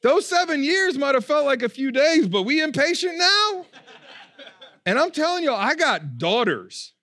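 A man preaching a sermon in a church room, in a casual, animated way, with slang and joking asides. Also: very high voice, normal speed. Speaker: pastor.

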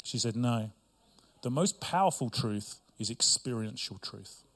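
A man's voice: mid-range voice, expressive, a little slow, fairly bright tone. A middle-aged male pastor preaching a sermon with humor and asides to his congregation.

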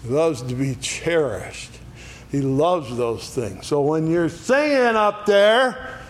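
A man's voice: on the high side, a little mellow, a little hiss or hum. A man teaching an adult Sunday school Bible lesson in a church classroom, folksy, often checking in with "all right?". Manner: folksy, asks "all right?" after each point.

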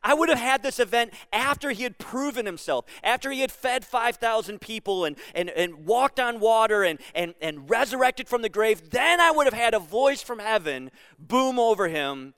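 A pastor with a high, smooth, resonant voice, preaching earnestly. He sinks to a hushed near-murmur for tender quoted lines. The sound is dry and close. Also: lively intonation, normal speed, few pauses, no echo. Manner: repeats words when building a point. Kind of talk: sermon.

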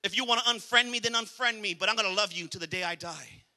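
A man's voice: high-pitched, fast, pushed and bright, big-room sound. A male pastor preaching a sermon in church, emphatic and repetitive, calling out to the congregation.

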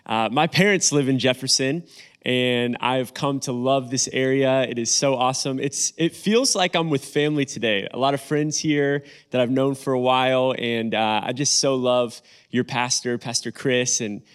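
Young male preacher, friendly, joking, conversational sermon, church stage mic, mid pitch. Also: normal speed, clear, resonant tone. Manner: friendly joking banter with congregation. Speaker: guest preacher. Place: church sanctuary.

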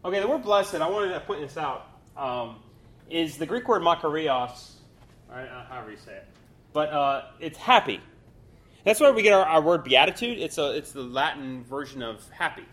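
Middle-aged male Bible class teacher, slightly higher voice, casual and rambling delivery. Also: lively intonation, moderate pace, fairly bright tone. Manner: loose, conversational, with fillers and restarts.

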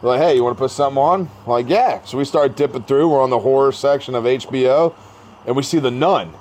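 A man's voice: medium pitch, fast, a little hiss or hum. A man co-hosting a podcast in casual chat, telling stories with acted-out quotes and plenty of swearing. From American Midwest. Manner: animated storyteller, acts out his own quotes, swears freely. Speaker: podcast co-host.

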